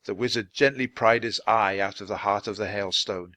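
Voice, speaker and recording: A man reading a children's storybook aloud, slowly and deliberately for English learners. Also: fairly low pitch, sharp tone, no room sound. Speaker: storybook reader.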